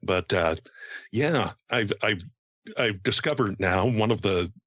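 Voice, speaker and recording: A man in his fifties chatting on a podcast, speaking haltingly with many restarts. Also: fairly low pitch, fairly bright tone, no echo. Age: 50s. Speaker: podcast co-host. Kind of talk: casual podcast chat. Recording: dry, dull lo-fi sound.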